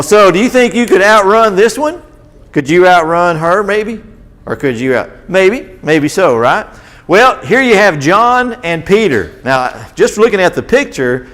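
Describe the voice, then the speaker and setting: A man telling a Bible story to children as their teacher, stopping often to ask the kids questions. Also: high-pitched. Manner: animated, asks children questions.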